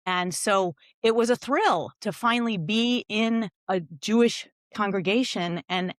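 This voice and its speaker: A woman's voice: medium pitch, a little slow, no echo, studio quality. A middle-aged woman speaking from her home as a podcast guest, telling her story in an earnest, reflective way. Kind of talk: podcast interview.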